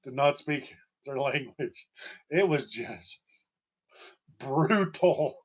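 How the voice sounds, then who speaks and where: A man's voice: mid-range voice, expressive, drawn-out words, breathy edge, lo-fi sound. A middle-aged man from Tennessee, hosting a podcast and telling stories in a folksy, chuckling way. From Tennessee, USA. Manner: chuckling, folksy, laughs between lines. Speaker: podcast host. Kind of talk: casual storytelling.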